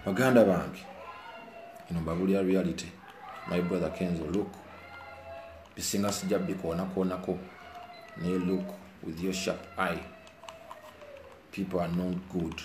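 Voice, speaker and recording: A man's voice: sits low, level tone, moderate pace, long pauses, a little mellow. A man giving an earnest, preachy monologue, emotional and mixing two languages, speaking indoors. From Uganda. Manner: earnest, preachy, switches between Luganda and English. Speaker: commentator speaking to viewers. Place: indoors, rain outside. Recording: roomy echo, faint background hiss.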